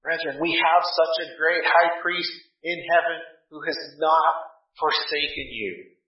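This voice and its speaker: A male pastor preaching a sermon, emphatic, with slow drawn-out pauses and rhetorical questions. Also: on the high side. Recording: echoey, distant, dull room recording.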